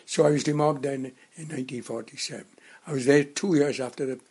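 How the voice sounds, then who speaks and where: Man, 90s, interviewee; husky, mid-pitched voice, halting and rambling delivery. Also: steady tone, darkish tone. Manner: rambling, halting storyteller with many restarts. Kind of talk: reminiscing in casual conversation.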